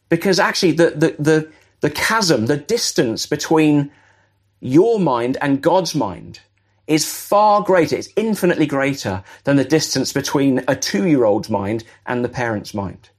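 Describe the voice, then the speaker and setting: A man giving a sermon in a conversational, animated way, acting out little dialogues as he explains a passage. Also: mid-range voice, moderate pace, breathy edge. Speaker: preacher.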